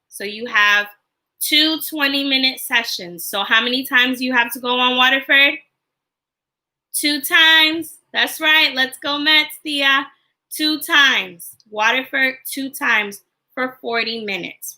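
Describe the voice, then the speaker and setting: A woman's voice: sits high, sharp tone, echoey room, poor audio. A woman teacher leading a livestreamed class for young children, cheerful and sing-song, asking call-and-response questions. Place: home, online class livestream. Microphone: computer or phone mic on a livestream.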